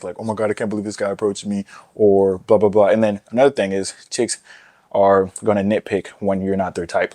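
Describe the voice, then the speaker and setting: A young man rattles off blunt dating advice to camera at a quick clip. His voice sits low, and his delivery is brash and profane, full of repeats and restarts. The sound is close and dry, with no room to it. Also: a little mellow, no room sound. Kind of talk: casual rant to camera.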